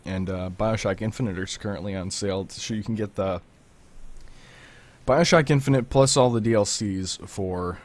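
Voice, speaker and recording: A man's voice: lowish voice, moderate pace. A teenage young man hosting a podcast in casual chat, rambling and laughing as he talks. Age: teens. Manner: rambling, laughs often, eats while talking. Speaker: podcast host.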